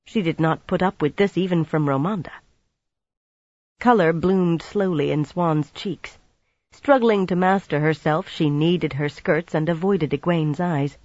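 An audiobook narrator reads scripted fantasy in a measured way, with a mid-range, slightly mellow voice. The recording is a bit dull and lo-fi, with no room sound.

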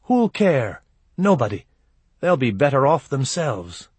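A man voicing a cold, scheming young barmaid, in a husky voice. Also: mid-range voice, big pitch swings, unhurried, darkish tone, dry recording, voice pushed up.

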